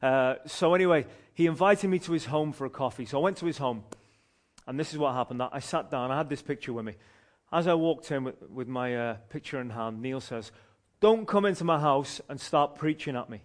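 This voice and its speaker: A man, a street pastor telling a story from the pulpit in an animated way, often restarting his phrases. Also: medium pitch, brisk. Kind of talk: sermon testimony storytelling.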